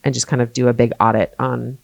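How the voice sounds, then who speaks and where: A woman real estate agent co-hosting a podcast, speaking in a reflective, measured way. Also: rumbling low, little pitch movement, vocal fry, no echo. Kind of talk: casual podcast chat.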